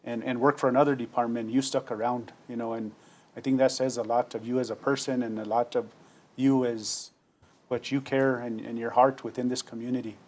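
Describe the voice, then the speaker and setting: Man, council member, ceremonial tribute, halting, sincere, filler words. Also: mid-range voice, flat delivery, a little mellow.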